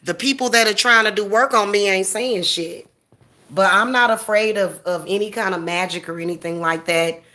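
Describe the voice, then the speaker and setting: Forty-something lady cussing up a storm at the camera, defiant and bragging, real bright sharp voice. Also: mid-range voice, moderate pace. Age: 40s. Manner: profane, confrontational ranting; boastful, defiant. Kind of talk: ranting monologue to camera.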